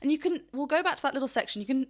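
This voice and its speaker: A woman's voice: high-pitched, expressive, very fast. Enthusiastic woman vocal coach reacting. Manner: enthusiastic, technical, chatty with frequent restarts. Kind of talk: reaction video commentary.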